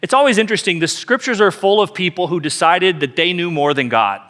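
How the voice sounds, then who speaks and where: A man's voice: high-pitched, animated, brisk, fairly bright tone. A man preaching a sermon as pastor, telling the story emphatically and repeating key phrases.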